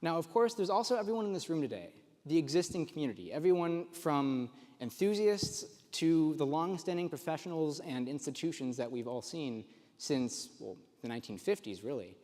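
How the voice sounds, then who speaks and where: A man's voice: a little high, lively intonation, normal speed, a little mellow. A young man giving a technical conference talk, eager and explanatory, with a few fillers and restarts. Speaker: conference presenter. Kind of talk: technical presentation. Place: large conference room. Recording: long hall reverb.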